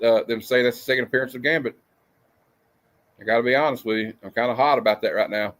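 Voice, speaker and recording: A man's voice: medium pitch, fairly even intonation, fast talker, a bit bright. A man hosting a casual livestream, chatty and ranting, who laughs often. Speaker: comic show host.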